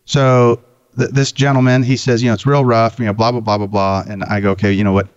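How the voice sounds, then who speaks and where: A man, a guest on a talk show, telling a casual story in an animated, swearing way. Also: medium pitch, quick pace, smooth, no echo, lo-fi sound. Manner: animated, profane anecdote-telling. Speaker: guest, Jeep owner.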